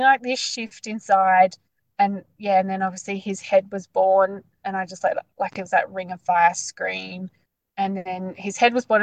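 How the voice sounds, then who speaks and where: A woman A woman in her thirties tells her story in a loose, animated, chatty way, with "like" dropping into nearly every sentence. Her voice sits at an ordinary middle pitch and sounds close and dry, with no room around it. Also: no room sound, highs cut off. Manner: chatty, animated, lots of "like" fillers. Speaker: guest sharing her birth story. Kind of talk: casual storytelling.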